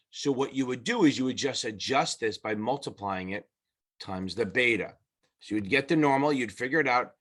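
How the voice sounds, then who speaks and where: A man's voice: mid-range voice, a bit bright, husky. A man tutoring exam students in a loose, conversational way, with restarts and the odd swear word. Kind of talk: casual lesson explaining at a whiteboard.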